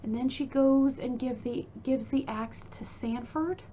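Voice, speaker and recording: A woman's voice: sits high, a little slow, warm tone, slight background noise. A woman casually retelling a true crime case in blunt, informal language, on a dull lo-fi recording. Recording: dull lo-fi recording with faint ambience.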